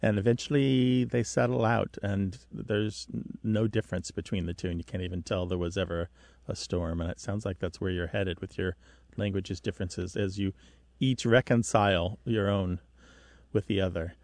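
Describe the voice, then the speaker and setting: A man's voice: low-pitched, steady tone, normal speed, creaky, darkish tone, no room sound. A man co-hosting a call-in radio show about language, patiently explaining dialect differences with vivid comparisons. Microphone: studio mic.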